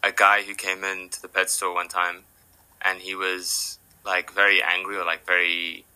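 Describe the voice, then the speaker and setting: A man's voice: low-pitched, little pitch movement, normal speed, bright, forceful tone, clear, resonant tone, rough recording. A man who is a podcast guest, telling stories in a casual, rambling way with lots of fillers. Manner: rambling, filler-heavy, acts out quoted people. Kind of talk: casual storytelling chat.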